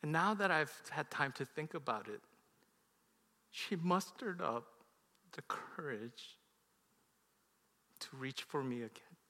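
A pastor in his thirties tells a personal story from the pulpit, his fairly high, bright voice ringing out across a large hall with a long trailing echo. He swings between loud bursts and quiet, confessional moments. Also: lively intonation, slow pace, long pauses. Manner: confessional storytelling that swings from loud outbursts to hushed, low lines. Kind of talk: sermon storytelling.

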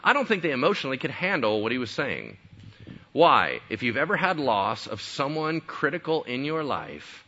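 A man's voice: mid-range voice, huge pitch swings, normal speed, pushed and bright, dull audio. A man preaching a sermon in a conversational way, full of rhetorical questions. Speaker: pastor.

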